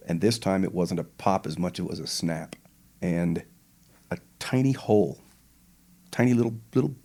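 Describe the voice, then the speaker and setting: Older guy with a really deep voice, slow vivid war story on a podcast. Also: warm tone. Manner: slow, measured retelling with vivid detail. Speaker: podcast guest, retired pararescueman. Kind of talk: interview storytelling.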